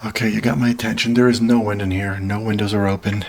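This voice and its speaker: A man filming alone inside a house for a paranormal video diary, nervously calling out to spirits and often dropping to a hushed whisper. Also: lowish voice, flat delivery, fast, gravelly, rough recording. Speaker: paranormal vlogger. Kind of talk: solo ghost-hunting video diary.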